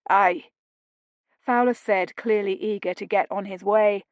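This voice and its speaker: A woman's voice: medium pitch, steady tone, normal speed, dry recording, lo-fi sound. Woman narrating an audiobook, dry and close. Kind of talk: scripted narration.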